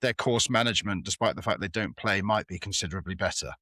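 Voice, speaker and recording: A man's voice: deep voice, fast talker, bright, forceful tone, no echo. A British man hosting a casual chat, with teasing, dry humor. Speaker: podcast host.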